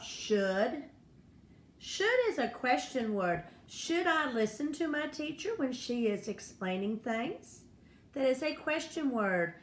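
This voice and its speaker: A woman teaching a first-grade spelling and phonics lesson, speaking patiently and encouragingly to young children. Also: medium pitch. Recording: echoey room with faint noise.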